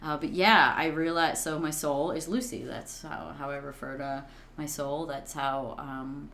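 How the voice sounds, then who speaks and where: A woman in her thirties speaks in a low register, earnest and searching, filling her thoughts with "like". Her voice rings a little in a roomy space, with faint noise behind. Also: fairly even intonation, measured pace, fairly bright tone. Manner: earnest, many fillers like "like". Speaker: podcast guest. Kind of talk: reflective conversation.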